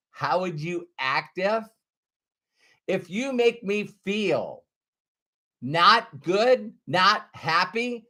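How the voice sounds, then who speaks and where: A middle-aged man speaks straight to camera, earnest and emphatic, circling back to repeat his point. His voice sits high for a man. He talks slowly and deliberately, in a sincere motivational tone. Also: sharp tone. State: choked up with emotion. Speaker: sales trainer.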